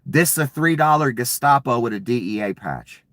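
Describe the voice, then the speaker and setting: A man's voice: mid-range voice, expressive, normal speed, fairly bright tone, no room sound, clean studio sound. A man delivering an angry, profane political rant, sarcastic and furious. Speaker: political commentator.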